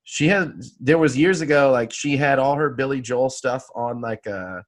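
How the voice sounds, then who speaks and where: A man from upstate New York who hosts a comedy podcast, with a mid-pitched voice. He talks in a laid-back, jokey way and swears casually. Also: moderate pace. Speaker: podcast host. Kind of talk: casual chat.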